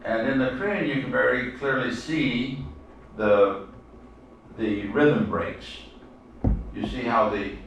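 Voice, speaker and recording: A man teaching a seminar class in a halting lecture style, full of fillers and restarts. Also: medium pitch, vocal fry, fairly bright tone, a little hiss or hum. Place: seminar room. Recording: echoey room, mic far off.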